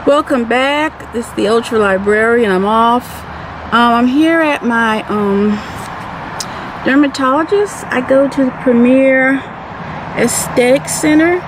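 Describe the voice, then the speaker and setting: A woman's voice: a little high, unhurried, background noise. A school librarian, chatting casually and rambling as she vlogs into a handheld phone camera. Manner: rambling, chatty, self-interrupting. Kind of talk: casual vlog chat.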